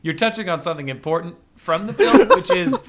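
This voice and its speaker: A man hosting a podcast, chatting casually and jokily, now and then breaking into loud mock-panicked shouting. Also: sits high, huge pitch swings, brisk, over a noisy crowd. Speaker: podcast host.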